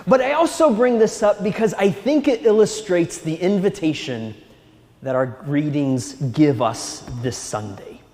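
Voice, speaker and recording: A male priest giving a Sunday sermon in a church, speaking gently and reassuringly with a touch of humor. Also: sits high, expressive, unhurried. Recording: echoey church hall.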